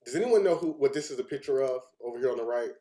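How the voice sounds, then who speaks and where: A man's voice: medium pitch, lively intonation, racing, mellow. A young adult man giving a heartfelt personal presentation, earnest and fighting back tears at times. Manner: earnest, chokes up with emotion.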